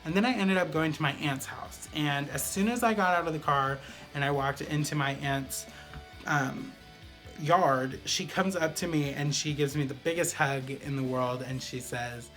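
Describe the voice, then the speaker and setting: A man's voice: fairly high pitch, moderate pace, fairly bright tone, soft background music. A man vlogger telling a personal story in a casual, chatty way, full of fillers like "like" and "pretty much".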